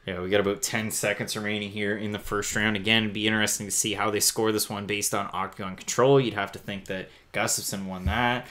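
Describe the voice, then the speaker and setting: Low-voiced man doing play-by-play. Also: quick pace, few pauses. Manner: steady play-by-play, talks to viewers. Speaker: co-host. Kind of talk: live fight watch-along commentary.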